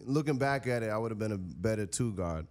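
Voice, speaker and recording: A male musician telling stories in a casual interview, animated, acting out other people's lines. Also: lowish voice, brisk, a crowd in the background. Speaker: musician guest.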